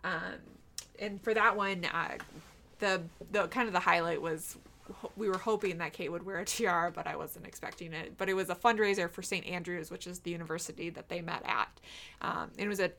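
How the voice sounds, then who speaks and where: A woman with a fairly low voice chatting casually as a podcast co-host. She rambles and restarts, with plenty of fillers along the way. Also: steady tone, fairly quick, vocal fry, bright, forceful tone. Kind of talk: casual chat.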